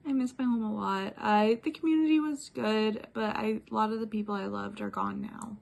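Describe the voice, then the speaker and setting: Young woman, gravelly fry, rambling personal video message. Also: medium pitch, moderate pace. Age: young adult. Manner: rambling, soft-spoken, frequent ums and little laughs. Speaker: former classmate giving a life update.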